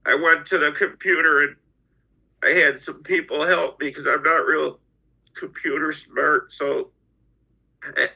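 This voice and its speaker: A middle-aged man telling his own story as a podcast guest, halting and often repeating his words. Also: fairly high pitch, steady tone, gravelly, pushed and bright, breathy edge. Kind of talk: personal storytelling. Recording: dull lo-fi audio.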